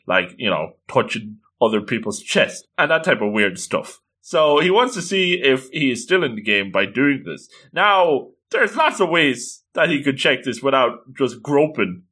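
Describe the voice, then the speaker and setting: A man's voice: medium pitch, sing-song, measured pace, hardly any pauses, bright, forceful tone, slightly rough. A man giving casual, joking commentary while reading through a manga, with chuckling asides. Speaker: manga reviewer.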